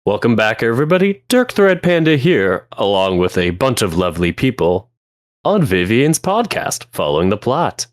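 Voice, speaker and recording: A man's voice: on the low side, big pitch swings, moderate pace, no echo, clean studio sound. A man guest on a podcast roundtable, greeting listeners in an upbeat, welcoming way. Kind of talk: casual roundtable chat.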